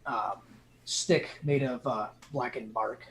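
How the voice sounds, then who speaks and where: A man running a homebrew tabletop game as game master, describing the action in a relaxed way with lots of fillers. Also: mid-range voice, slight background noise, low-quality recording. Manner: relaxed, halting with many fillers.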